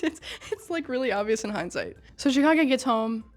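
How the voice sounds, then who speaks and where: A woman with a fairly high voice recaps a story in a loose, chatty way. She gets worked up, swears freely and talks back to the characters as if they could hear her. Faint music plays underneath. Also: moderate pace. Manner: excitable, swears and laughs a lot, talks to the characters.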